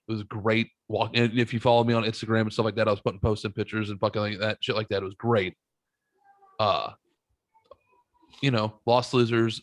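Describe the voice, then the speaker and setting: A man hosting a podcast, telling stories in a casual, swearing way and jumping high when he quotes others. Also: no room sound. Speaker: podcast host. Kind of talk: casual chat, storytelling.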